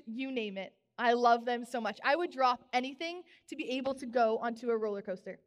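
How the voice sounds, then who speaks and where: A young woman preaching a sermon in a church, telling stories with bubbly, animated exclamations. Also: a little high, a little fast, hardly any pauses. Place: church sanctuary. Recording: long church reverb.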